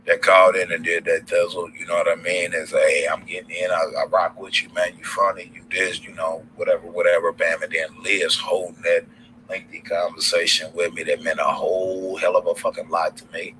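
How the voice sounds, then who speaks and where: Deep-voiced rambling Southern man, forceful. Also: level tone, fairly quick, slight background noise, low-quality recording. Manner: loose, rambling, slangy, many fillers. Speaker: livestream host. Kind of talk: casual livestream sign-off.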